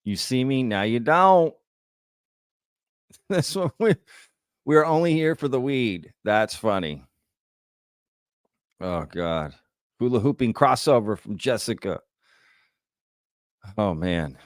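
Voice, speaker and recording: A man's voice: medium pitch, animated, takes it slowly, pauses often, dry recording, studio quality. A man hosting a live Q&A, reading chat comments aloud and laughing often. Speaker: livestream host.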